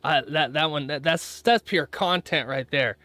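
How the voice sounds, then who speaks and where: A young man chatting casually with his viewers while live streaming trades, rambling, laughing often and clearing his throat. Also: fairly high pitch, normal speed, sharp tone, no echo. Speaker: livestreaming futures trader.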